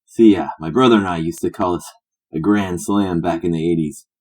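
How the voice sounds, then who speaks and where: A man voicing a drunk, brash male tennis star who talks loud and slangy. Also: low-pitched, fairly quick. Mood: gruff.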